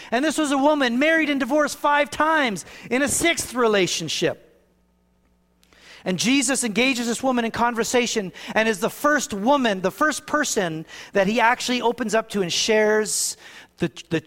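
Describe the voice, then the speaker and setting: A man preaching a sermon as pastor, shifting from hushed passages to raised, emphatic ones. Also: very high voice. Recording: long reverb of a hall.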